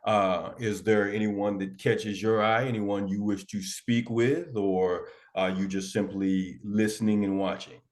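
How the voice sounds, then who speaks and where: A man's voice: fairly low pitch, fairly even intonation, measured pace, few pauses. A man narrating a tabletop game as game master, describing the scene and prompting players.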